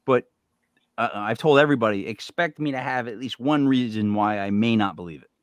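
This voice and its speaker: A man's voice: medium pitch, a little fast, no room sound. A man from New England hosting a casual interview, rambling and chatty with many fillers and restarts. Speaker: show host.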